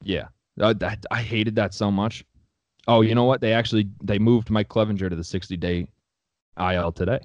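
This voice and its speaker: A young man with a fairly low voice talks sports in a loose, blunt, opinionated way and swears freely. The sound is dry and close, with no room around him. He co-hosts the chat in a casual, offhand tone. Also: steady tone, normal speed, dry recording, highs cut off. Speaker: sports podcast co-host.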